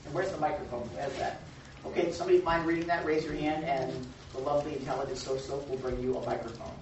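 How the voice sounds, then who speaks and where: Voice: medium pitch, steady tone, fast. A Bible study leader teaching informally, talking with the group, asking rhetorical questions and sometimes acting out little scenes in a raised voice. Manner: conversational, full of rhetorical questions. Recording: echoey room, far off, dull and faint hiss.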